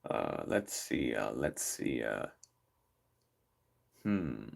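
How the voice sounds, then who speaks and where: A man's voice: very deep voice, wildly swooping pitch, very slow, vocal fry. A man hosting a livestream, chatting casually with rambling jokes. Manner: rambling, joking, playful. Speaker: livestream host.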